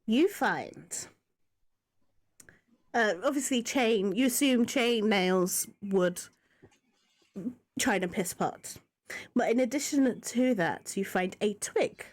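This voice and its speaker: A woman running a tabletop game as game master, halting as she speaks, with many fillers and restarts. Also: on the high side.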